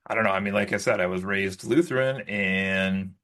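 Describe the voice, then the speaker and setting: A man's voice: normal speed, a bit bright. A man co-hosting a podcast in casual chat, rambling with lots of likes and restarts. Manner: rises high when mimicking others. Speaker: podcast co-host.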